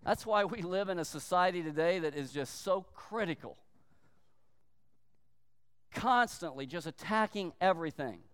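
A man preaching a sermon with a high, clear, smooth voice. He speaks emphatically, stretching key words and slipping into quick acted-out quotes. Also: expressive, a bit bright, in a large hall. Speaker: pastor.

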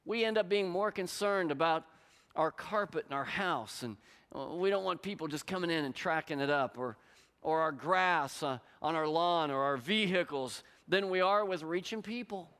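A man's voice: fairly high pitch, moderate pace, clean tone. A middle-aged male pastor preaching a sermon, telling stories and acting out the lines of the people in them. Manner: storytelling, animated, acts out quotes. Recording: long hall reverb.

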